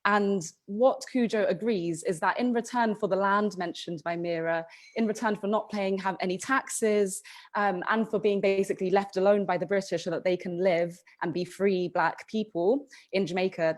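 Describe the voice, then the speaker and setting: A woman's voice: medium pitch, normal speed, a little mellow. A woman co-hosting a history podcast, telling the story in a casual, chatty way with frequent ums and restarts. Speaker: podcast co-host.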